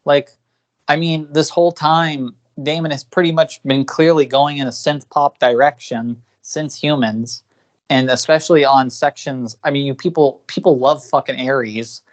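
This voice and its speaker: A man's voice: medium pitch, steady tone, normal speed. A man with an American accent co-hosting a podcast, giving opinionated, rambling music reviews with restarts and swearing. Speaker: podcast co-host. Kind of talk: casual music review chat.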